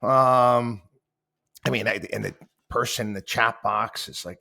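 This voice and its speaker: Bright-voiced man in halting commentary. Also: lowish voice, fairly even intonation, creaky. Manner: halting, with many fillers and restarts. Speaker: host. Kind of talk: casual commentary.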